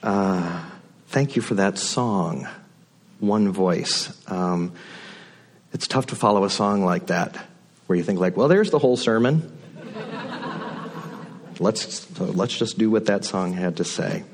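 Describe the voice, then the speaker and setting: A man's voice: sits low, slow pace. A man giving a sermon from a church pulpit, conversational and reflective, with folksy asides. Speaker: guest speaker at the pulpit. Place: church sanctuary.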